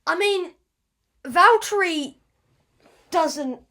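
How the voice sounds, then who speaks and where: A woman's voice: extremely high pitch, animated, extremely slow, sharp tone. A woman hosting a casual podcast, rambling and fumbling over her words with self-deprecating asides. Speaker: podcast host.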